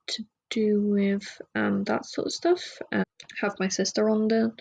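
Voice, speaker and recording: A woman hosts her own podcast in a relaxed, rambling way, drifting into asides between facts. Her voice has a gravelly fry and a husky, breathy grain, and her pitch sits in an ordinary middle range. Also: rough recording. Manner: rambling, chatty, with frequent fillers and asides. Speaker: podcast host. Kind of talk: casual solo podcast chat.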